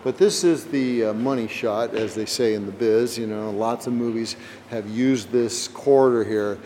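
A man's voice: medium pitch, steady tone, moderate pace, mellow. A male park ranger leads a guided tour, explaining and demonstrating old mechanisms as he goes. The field recording is noisy, with sound all around him indoors. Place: prison cellhouse, indoors.

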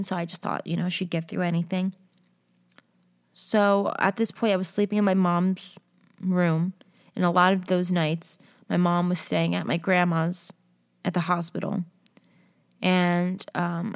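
A young adult woman with a lower-than-usual voice shares stories in an easy, conversational way. Her talk is loose and unpolished, and she often pauses on "um" and "like" as she works through each tale. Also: no echo. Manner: conversational, with frequent fillers like "um" and "like". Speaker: storyteller. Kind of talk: casual spoken storytelling and reading of stories.

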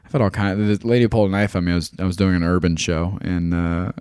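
A man's voice: low voice, fast talker, smooth, dry recording, clean studio sound. A man who is a touring stand-up comedian, telling stories in a casual podcast chat and laughing through them. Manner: animated storyteller, laughs through his stories.

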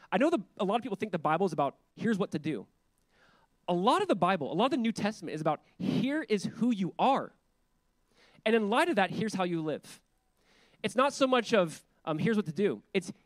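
Animated pastor, higher voice, dry sound. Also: male voice, dry recording, rough recording. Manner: conversational and animated, acting out quoted voices. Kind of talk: sermon. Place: church hall.

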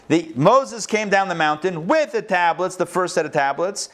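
A man teaching an online Torah class, lively and humorous, mixing Hebrew terms into his explanations. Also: high-pitched, normal speed, hardly any pauses. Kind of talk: online Bible class with screen sharing.

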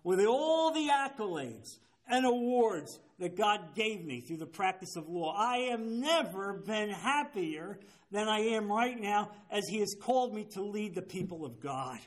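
Seventies male pastor, high-pitched, emphatic sermon delivery, keeps checking listeners follow. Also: big pitch swings, a little slow. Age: 70s. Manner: emphatic, keeps asking "you understand?". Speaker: pastor leading a Bible study. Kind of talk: sermon-style Bible teaching.

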